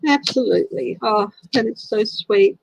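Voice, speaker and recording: A woman's voice: a little high, moderate pace, gravelly, lo-fi sound. A woman giving a casual live tarot reading, chatty and openly emotional as she answers viewers. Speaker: tarot reader.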